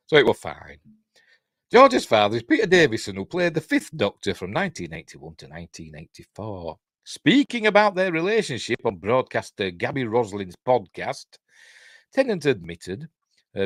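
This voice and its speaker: An older man with a Yorkshire accent reads entertainment news on his live stream, drifting into chatty, self-mocking asides. His voice sits fairly low but rises and falls a lot. The sound is dry and close. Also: big pitch swings, moderate pace, dry recording. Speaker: host reading entertainment news.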